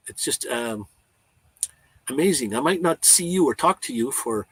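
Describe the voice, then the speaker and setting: A man's voice: mid-range voice, husky, low-quality recording. A man hosting a casual live-stream chat, talking in a rambling, heartfelt way with frequent restarts and stammers.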